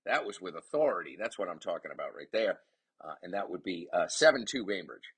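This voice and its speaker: A man giving chatty, excitable play-by-play commentary on his son's game, with rambling asides. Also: low voice, a little fast, breathy edge. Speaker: parent commentator.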